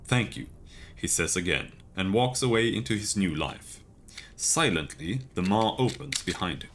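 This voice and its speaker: A man streaming a video game, reading its text aloud in a steady, measured way with casual asides. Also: low-pitched, slight background noise.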